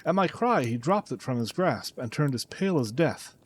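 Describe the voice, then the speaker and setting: A man narrating a classic detective story as an audiobook, dramatic and expressive. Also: medium pitch, moderate pace, slightly rough.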